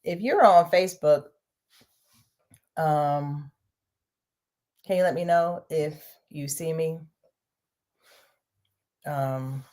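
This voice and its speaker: A woman hosting a casual livestream from a small home studio, talking loosely and chatting to her viewers. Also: low-pitched. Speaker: host.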